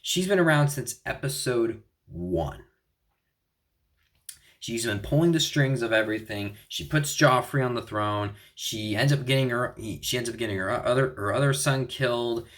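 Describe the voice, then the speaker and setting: A man's voice: medium pitch, moderate pace, a bit bright. A young man giving a casual spoken review of a TV episode, rambling with frequent restarts and self-corrections. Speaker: video reviewer. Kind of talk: casual TV show recap and opinion.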